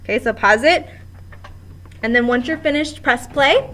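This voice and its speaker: A woman's voice: high-pitched, moderate pace, a bit bright. A woman teaching a Spanish grammar lesson at a board in a classroom, explaining step by step with patience.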